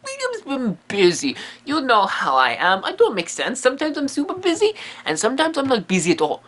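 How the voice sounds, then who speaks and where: A woman hosting a comedic web show as a quirky medium, rambling and contradicting herself with sudden swings in pitch. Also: wildly swooping pitch, a little fast. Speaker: comedic medium character host. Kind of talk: deadpan comedic monologue.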